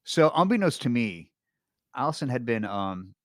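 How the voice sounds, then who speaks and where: A man's voice: medium pitch, sing-song, moderate pace, no room sound, clean studio sound. A middle-aged man, a podcast guest, telling a long personal story in casual chat, rambling with restarts and fillers.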